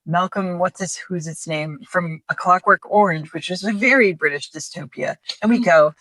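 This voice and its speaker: A woman's voice: fairly low pitch, moderate pace, a bit bright, dry recording. A woman co-hosting a casual commentary podcast, chatty with rambling asides and frequent giggles. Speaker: podcast co-host.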